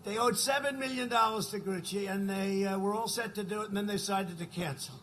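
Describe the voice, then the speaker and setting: Delivering a campaign rally speech, a man speaks briskly in a high, a bit bright voice with fairly even intonation. He rambles, repeats himself, and keeps turning to the crowd with "right?", over a little hiss or hum.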